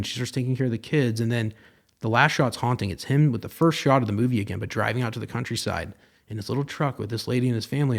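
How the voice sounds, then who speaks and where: A man's voice: medium pitch, vocal fry. A young man hosting a podcast, casually retelling a film's plot in a rambling way, acting out the characters' lines and swearing now and then. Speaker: podcast host. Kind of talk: casual film review monologue.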